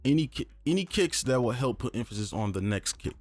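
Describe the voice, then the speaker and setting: A man's voice: mid-range voice, fairly quick, no echo. A young man casually teaching beat production in a tutorial, talking loosely with fillers as he works. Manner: relaxed, conversational, lots of fillers like "um" and "right?". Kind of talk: casual screen-recorded tutorial.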